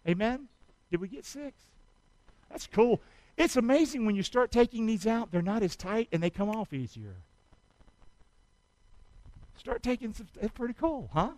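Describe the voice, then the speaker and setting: Male pastor, high pitched, dry close-miked sermon with call-and-response. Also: very animated, moderate pace, long pauses, no room sound, low-quality recording. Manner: call-and-response preaching, shouting exhortations.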